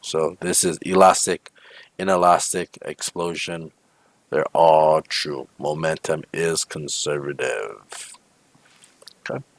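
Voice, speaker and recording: A man's voice: rumbling low, steady tone, slow pace, no echo. A male physics teacher talking through homework problems step by step, often checking in with "okay?" and "right?". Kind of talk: homework walkthrough lesson.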